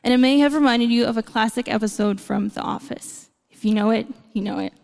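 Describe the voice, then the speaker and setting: A woman's voice: on the high side, brisk, gravelly, a little mellow. A woman preaching a sermon in a conversational way, with playful asides to the congregation. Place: church hall. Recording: long hall reverb.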